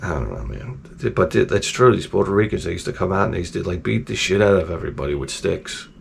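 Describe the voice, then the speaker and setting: A man's voice: deep voice, quick pace, gravelly, slight background noise. A middle-aged man hosting his own channel, telling rambling, profane stories in a casual, digressive way. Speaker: channel host.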